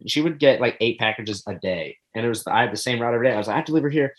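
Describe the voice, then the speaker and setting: Brief: young guy, ex-delivery driver, rapid-fire crude storyteller. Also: medium pitch, lively intonation. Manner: quick, crude storytelling with frequent swearing. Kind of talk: casual chat.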